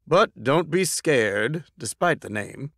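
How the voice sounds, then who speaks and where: Man putting on a booming boisterous old president. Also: expressive, takes it slowly, a bit bright, no room sound, clean studio sound, heavily acted. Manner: boisterous, declamatory. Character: booming hearty older male president, boisterous.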